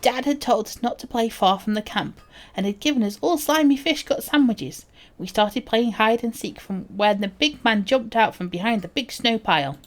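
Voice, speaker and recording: A woman's voice: a little high, normal speed, pitched above the performer's own voice, lightly acted. A woman reading out a note in the voice of a young froglok boy, like a storybook read-aloud. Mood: wide-eyed.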